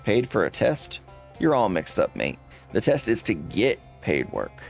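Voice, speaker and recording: A man's voice: on the low side, sing-song, a little slow, gravelly, faint music behind, heavily acted. A man doing an odd British leather hunter. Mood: scoffing. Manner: drawling, folksy, calls people mate.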